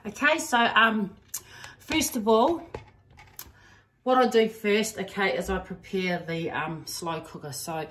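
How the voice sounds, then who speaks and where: A woman's voice: mid-range voice, takes it slowly, a bit bright. A middle-aged woman from New Zealand with a Kiwi accent touched by Australian, giving a homely, chatty cooking demonstration in her home kitchen, full of ums and slang. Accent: New Zealand with some Australian. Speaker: home cook. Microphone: camera on a stand, away from the speaker. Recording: echoey room, mic at a distance.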